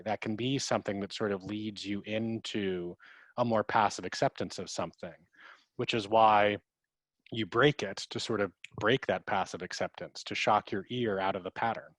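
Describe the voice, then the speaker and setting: A man with a fairly low voice answers audience questions as a dramaturg. He talks in a thoughtful, chatty way, repeats his words and beats out verse rhythms. The sound is dry and close, as on a video call. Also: normal speed, dry recording.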